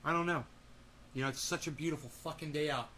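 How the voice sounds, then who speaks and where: A man's voice: a little high, fast talker, bright, forceful tone, slight background noise. A man chatting loosely on his livestream, rambling and playful, swearing often and cooing at his dog. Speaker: vlogger. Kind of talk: casual livestream chat.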